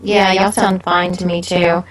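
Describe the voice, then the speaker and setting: A woman's voice: on the low side, flat delivery, measured pace, over a noisy crowd. A woman co-hosting a casual gaming podcast who passes along comments from the chat room and laughs easily. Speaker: podcast co-host.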